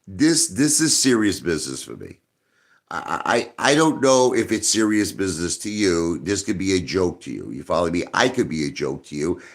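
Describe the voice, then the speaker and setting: A man's voice: deep voice, very animated, moderate pace. A man hosting a livestream, ranting emphatically and repeating himself as he speaks straight to a viewer. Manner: emphatic, repetitive, agitated, addresses a viewer directly. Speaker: livestream host.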